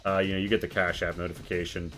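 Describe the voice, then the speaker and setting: A man narrating a tabletop role-playing game as game master, relaxed with many fillers. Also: low voice, racing, soft background music.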